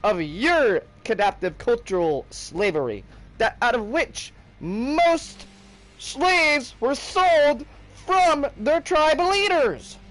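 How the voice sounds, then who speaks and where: A man's voice: sits high, fairly bright tone. A young man hosting a gaming livestream, ranting in a heated, profane, casual way.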